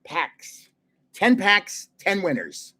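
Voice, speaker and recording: An older man hosts a trading card live stream in a loose, chatty way. He tells stories with plenty of laughs and keeps talking to his viewers. His voice sits a little on the high side for a man. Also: huge pitch swings, very slow, pushed and bright, husky. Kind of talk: casual live-stream chat and storytelling.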